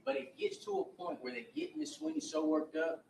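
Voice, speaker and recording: Man, defense attorney, opening statement, lively swinging pitch, roomy courtroom sound, faint background hiss. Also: brisk, gravelly. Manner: animated retelling, repeats and restarts words. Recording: roomy courtroom audio from a distance.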